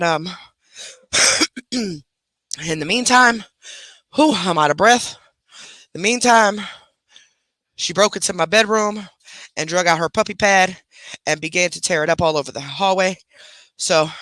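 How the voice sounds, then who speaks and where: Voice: medium pitch, pushed and bright, dry recording. A speaker chatting casually on a live stream, rambling and talking to their pets along the way.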